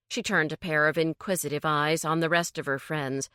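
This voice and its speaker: A woman narrating an audiobook in a measured, even way. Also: sits low, smooth, no room sound, studio quality. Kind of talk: scripted narration.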